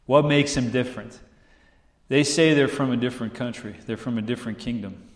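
A man preaching a sermon, telling a story with lively acted-out voices and asking the listeners rhetorical questions. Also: mid-range voice, fairly quick. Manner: animated storytelling, acts out characters, asks rhetorical questions. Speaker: pastor. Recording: echoey room.

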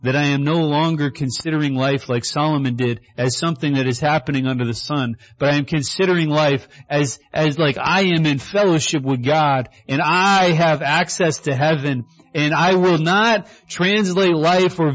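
A man preaching a sermon in a chatty, storytelling way, acting out little scenes and rising to excited shouts. His voice sits a little high for a man. The recording sounds dull and lo-fi. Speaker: pastor.

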